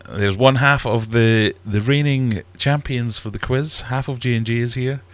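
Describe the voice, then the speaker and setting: A man's voice: mid-range voice, fairly even intonation, moderate pace, no echo. A middle-aged man hosting a casual livestream chat from his fish room, rambling and self-deprecating. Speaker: livestream host. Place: small warm fish room at home.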